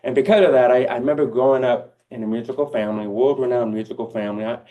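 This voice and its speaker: A man's voice: medium pitch, rapid-fire, narrow, tinny audio. A man with a deaf accent giving a heartfelt, encouraging keynote speech, speaking directly to his audience.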